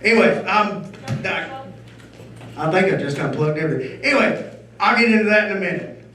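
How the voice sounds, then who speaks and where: On a comedy club stage, a male stand-up with a high, lively voice talks a little fast through a brash set. He's loud, crude, and rowdy, goading the audience, and the sound is roomy and off-mic, as if recorded from across the club.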